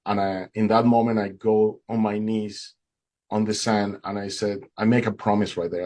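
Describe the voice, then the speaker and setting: A man's voice: lowish voice, level tone, normal speed, a little mellow. A man telling a personal faith testimony, recounting events with emotion and acting out the dialogue. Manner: emotional storytelling, acts out dialogue. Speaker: speaker giving testimony.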